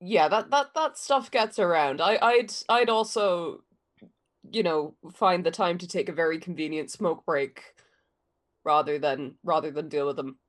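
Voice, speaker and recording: A woman co-hosting a podcast in casual chat, swearing freely and tripping over quick restarts. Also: lowish voice. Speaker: podcast co-host.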